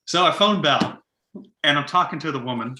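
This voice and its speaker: A young man from Canada co-hosting a casual podcast, spinning an animated story laced with "like" and quick laughs. His voice has a bright, forceful edge, and the sound bounces around a roomy space. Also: fairly high pitch, slight background noise. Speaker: podcast co-host. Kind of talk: casual chat.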